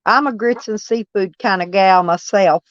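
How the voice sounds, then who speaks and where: A woman's voice: mid-range voice, a little slow, no echo. Rambling Southern woman on a dull lo-fi livestream. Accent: Southern American. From American South. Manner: rambling, talks back to chat by name. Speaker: vlogger reading live chat. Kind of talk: casual livestream chat. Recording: dull lo-fi dry sound.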